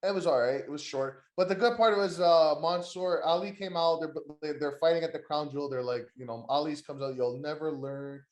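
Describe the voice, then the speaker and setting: A man's voice: a little high, a little fast, few pauses, reverberant. Rambling, crude man hosting a wrestling podcast. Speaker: podcast host. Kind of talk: casual wrestling podcast chat.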